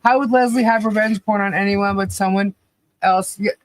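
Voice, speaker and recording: A woman co-hosting a live stream in a relaxed, supportive way, chatting and reading out viewer messages. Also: mid-range voice, normal speed, no echo. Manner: laid-back, supportive, reads viewer messages. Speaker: live show co-host. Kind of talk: casual live-stream chat.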